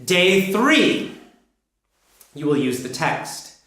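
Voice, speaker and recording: Male English teacher, emphatic coaching delivery, slightly high, heavy room echo. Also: drawn-out words. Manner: energetic, emphatic, repetitive coaching. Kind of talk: instructional explanation. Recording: very echoey room.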